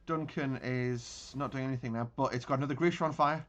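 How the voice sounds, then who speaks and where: A man's voice: mid-range voice, fairly quick. Man rambling over a war game. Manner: thinking aloud, rambling with frequent restarts. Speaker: gaming channel host. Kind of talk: casual gameplay commentary.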